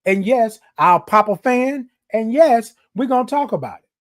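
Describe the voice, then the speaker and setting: With lively intonation and a moderate pace, a mid-range voice carries this livestream host's passionate, emphatic talk to viewers. The host raises the voice and repeats lines like a sermon in an animated stream.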